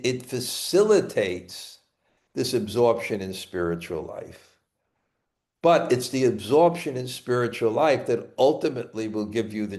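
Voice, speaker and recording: This man's voice sits at a medium pitch with a darkish tone. Teaching scripture in a Brooklyn accent, he keeps stopping, repeating himself, and restarting.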